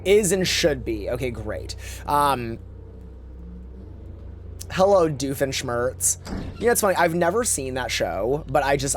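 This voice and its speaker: A man streams a game and chats casually, rambling along with campy slang and reading the chat aloud. His voice is medium-pitched, with slight background noise.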